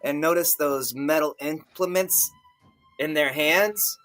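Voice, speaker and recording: A man, an author co-hosting a podcast, narrating an improvised story in first person in a measured, wry way. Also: on the high side, a bit bright, faint music behind.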